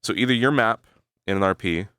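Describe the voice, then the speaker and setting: A man's voice: lowish voice, a little fast, bright, forceful tone, clean tone, no echo, studio quality. A male streamer chatting casually with his viewers, thinking aloud, swearing freely and tagging his sentences with "right?". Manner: rambling, swears freely, keeps adding "right?"; talks to his chat while thinking aloud. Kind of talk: casual live-stream chat.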